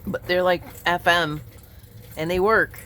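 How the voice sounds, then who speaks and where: A woman rambling casually to her viewers while in pain from a migraine, speaking low and quiet, wandering off her thread and laughing often. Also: fairly even intonation, unhurried, a little hiss or hum. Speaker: vlogger. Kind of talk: casual rambling monologue to camera.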